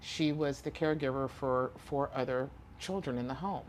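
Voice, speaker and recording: Very low-voiced woman, earnest storyteller. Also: normal speed, slight background noise. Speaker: guest, author and former teacher. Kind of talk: conversational interview answers.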